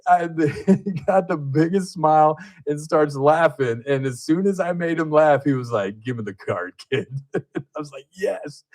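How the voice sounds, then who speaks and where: A man hosting a local radio talk show, telling stories in a casual, animated way, laughing often and acting out what people said. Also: a little high, normal speed. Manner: animated storyteller, laughs often, acts out quotes. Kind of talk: casual radio chat and storytelling. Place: radio studio.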